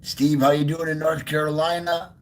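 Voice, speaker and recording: A man's voice: a little high, little pitch movement, normal speed. A man hosting a casual live stream outdoors in the cold, greeting viewers by name one after another. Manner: soft baby talk to his dog. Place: outdoors in freezing cold by a river.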